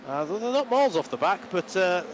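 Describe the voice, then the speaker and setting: A man's voice: sits high, big pitch swings, fairly quick, noisy background. A man giving chatty, easygoing colour commentary on a live sim race.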